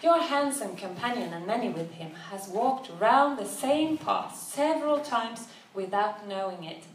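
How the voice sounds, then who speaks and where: Storybook elder: a woman voicing a wise, kindly old lady, unhurried and soft, faint hiss behind. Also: medium pitch, animated, natural voice. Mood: gentle. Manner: gentle, slow and patient. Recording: roomy, distant mic, faint background noise.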